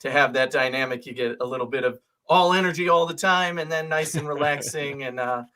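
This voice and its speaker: Man, podcast co-host, relaxed and chatty, slightly high pitch, bright tone. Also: fairly quick. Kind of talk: casual sports podcast chat.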